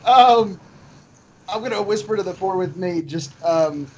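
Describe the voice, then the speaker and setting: High-voiced man playing a tabletop game. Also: animated, lo-fi sound. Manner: laughing, halting with fillers. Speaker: player. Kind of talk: casual tabletop play.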